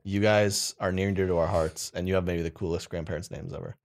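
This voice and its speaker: A young man with a somewhat low voice co-hosts a casual comedy podcast. He rambles through his stories, stops and restarts mid-sentence, and keeps poking fun at himself. His delivery is loose and conversational. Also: fairly even intonation, fast talker, gravelly. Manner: rambling, self-mocking, trailing restarts. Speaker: podcast co-host.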